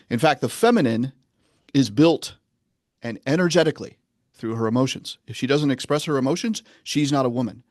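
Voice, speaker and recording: A man speaking as a guest coach in a podcast interview, talking in a measured, earnest, teacherly way. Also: mid-range voice, darkish tone, dry recording, clean studio sound.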